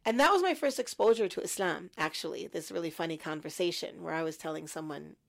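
A woman in her fifties tells her own story as an interview guest, her low voice carrying a gravelly edge. She animates the tale by slipping into the voice of her younger self, then settles back into thoughtful recollection. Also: lively intonation, quick pace. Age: 50s.

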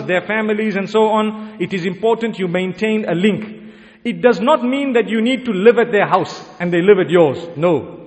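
Earnest preacher man, high voice. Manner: earnest, exhorting, rising to emphasis. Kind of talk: sermon. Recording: long hall reverb.

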